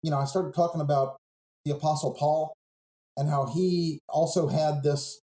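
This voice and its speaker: A pastor on a podcast, telling a Bible story in an earnest, reflective way. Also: male voice, on the high side, fairly even intonation, normal speed, dark tone, echoey room, poor audio.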